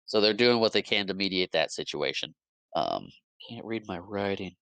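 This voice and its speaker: A man retells a movie plot on a podcast in a loose, animated way, stumbling through restarts and briefly voicing the characters he describes. His voice sits a little low but sounds bright and crisp. The sound is close and dry, with no room around it. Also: moderate pace, no room sound. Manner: frequent restarts and fillers. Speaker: podcast co-host. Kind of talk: casual movie recap.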